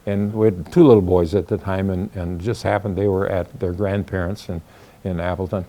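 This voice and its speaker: An older man recounts the founding in a folksy, casual storytelling style, doing the voices of the people he quotes. His voice is deep and dark, delivered flatly at a normal speed.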